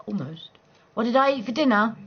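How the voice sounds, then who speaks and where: A woman from southeast England with a local accent, chatting casually with viewers on a late-night live stream from home, blunt and quick to laugh. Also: a little high, expressive, husky, highs cut off. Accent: southeast English. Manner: chatty, blunt, swears freely, laughs easily.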